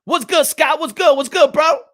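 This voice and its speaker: A man's voice: extremely high pitch, moderate pace, fairly bright tone. A man hosting a live boxing stream, ranting heatedly and greeting viewers in the chat, with profanity and lots of repeated words. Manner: greets chat viewers by name mid-rant. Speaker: boxing commentary host.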